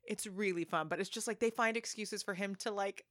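A young adult woman in a casual podcast chat, talking in a lively, chatty way with lots of fillers and asides. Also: mid-range voice, fairly quick, no echo, studio quality. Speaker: podcast co-host.

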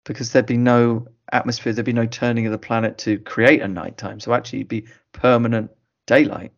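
A man's voice: mid-range voice, fairly even intonation, a little fast. A man co-hosting a podcast in casual film chat, picking apart details in a dry, pedantic way. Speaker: podcast co-host. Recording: dull lo-fi sound.

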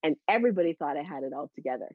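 A woman in her thirties, a psychotherapist guest, telling her personal story in an animated, heartfelt way and laughing often between phrases. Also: sits low, racing, husky, dry recording. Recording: dull, slightly lo-fi dry audio.

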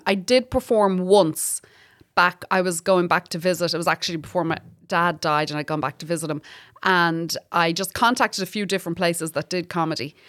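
A woman in her thirties with an Irish accent, a stand-up comic chatting as a guest, telling lively stories with frequent laughs and swearing. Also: fairly low pitch, no room sound, clean studio sound. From Ireland. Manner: lively storyteller, laughs often, swears freely. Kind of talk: casual chat.

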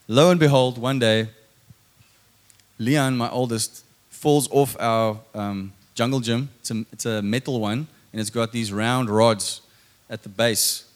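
A man's voice: medium pitch, steady tone, a little slow. A man, likely in his thirties, preaching a sermon and telling a personal story, acting out his own inner dialogue.

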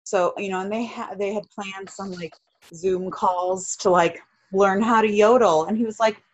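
Woman co-host, middle pitch, casual storyteller. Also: steady tone, normal speed, rough recording. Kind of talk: casual chat.

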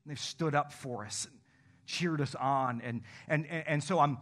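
A man preaching a conversational sermon as pastor, telling candid stories about himself and slowing into a soft, earnest prayer. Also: on the high side. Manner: candid, self-deprecating storytelling; acts out phone calls in animated voices.

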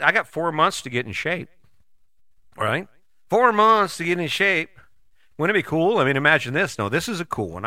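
A man in his sixties talks straight to the listener in a bright, forceful voice that rises and falls with a lot of life. He speaks blunt, folksy and a little profane, as in a motivational podcast. The sound is close and dry. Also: a little high, dry recording. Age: 60s. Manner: blunt, folksy, swears casually, jumps between voices for imagined people. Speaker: podcast host. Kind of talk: motivational monologue.

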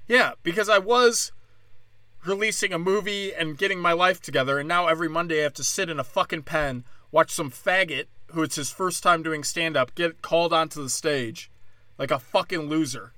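A little high-pitched with a sharp tone and moderate pace, this podcast host and stand-up comedian delivers a solo rant with no room sound. He's angry, profane and sarcastic, mocking people in put-on voices.

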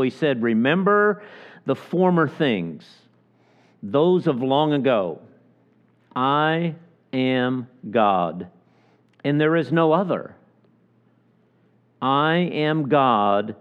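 A man preaching a sermon as pastor, earnest, slowing down to stress scripture verses. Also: mid-range voice. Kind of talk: sermon with prayer. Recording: dull lo-fi sound.

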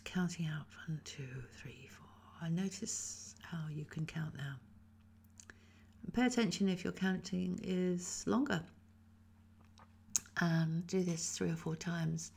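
Soft-spoken English woman teaching, gravelly. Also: fairly low pitch. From England. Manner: slow, soft-spoken guiding with frequent whispered phrases. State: tired voice after much talking. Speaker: Feldenkrais teacher. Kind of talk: guided movement lesson.

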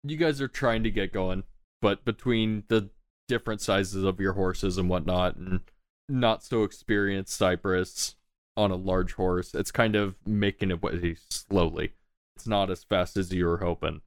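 A man with a deep, low voice narrates a tabletop game as its game master. He talks in a loose, laid-back way, swearing casually, and the sound is dry and close. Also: fairly even intonation, a little slow, no echo.

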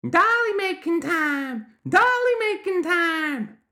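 Shrill, stubborn gremlin infant for a storybook, high and drawn out. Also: very animated, bright, forceful tone, roomy sound, full character voice. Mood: chanting. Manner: shrill, chanting, slow and insistent.

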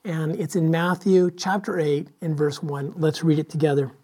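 A man's voice: fairly high pitch, level tone, normal speed, warm tone. A man preaching a sermon as pastor, telling stories in a conversational way with frequent "uh" fillers.

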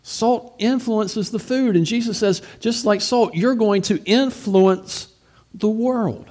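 A man's voice: high voice, slow, darkish tone. A man, a pastor, preaching a sermon in a conversational way, asking rhetorical questions and often repeating words as he goes.

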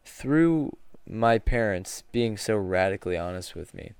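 Earnest young man, smooth and low. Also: animated, a little mellow, dry recording. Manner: earnest storytelling, halting restarts. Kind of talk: casual podcast conversation.

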